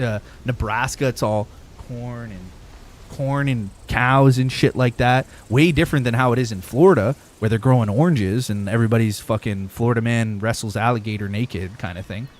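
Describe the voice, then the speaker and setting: A young man from Southern Ontario with a Southern Ontario Canadian accent, chatting casually with his livestream viewers in a rambling, profane way. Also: mid-range voice. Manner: rambling, profane, talks directly to chat. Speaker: game streamer.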